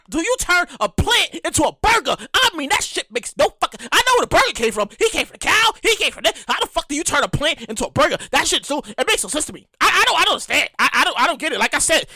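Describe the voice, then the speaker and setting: Woman podcast host, high lively voice, bright tone, dry close sound, casual profane chatter. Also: dry recording. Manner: animated, profane, repeats herself and acts out quotes. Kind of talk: casual solo podcast commentary.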